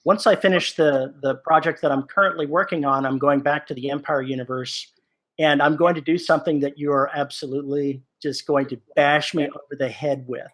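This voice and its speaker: A man's voice: a little high, fairly even intonation, brisk, a bit bright. A man co-hosting a podcast, chatting casually with a playful, teasing manner. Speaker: podcast host.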